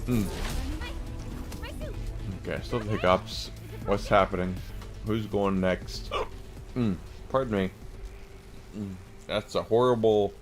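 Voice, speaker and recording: A man's voice: lowish voice, fairly even intonation, takes it slowly, long pauses, soft background music. A tipsy man with hiccups, streaming a game from home, rambling and mumbling with lots of hums and sighs. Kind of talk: casual gameplay commentary. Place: at home, playing on a laptop. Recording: noisy background.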